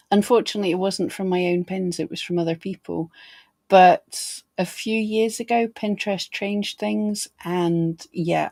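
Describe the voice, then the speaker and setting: A woman co-hosting a casual livestream, easygoing and quick to laugh along. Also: medium pitch, creaky, darkish tone, dry recording. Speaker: co-host.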